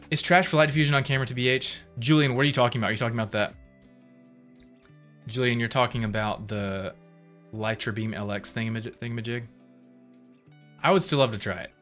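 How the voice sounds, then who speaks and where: A man's voice: medium pitch, a bit bright. A man in his thirties chatting casually on a livestream, rambling, laughing often and reading chat aloud. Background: faint music.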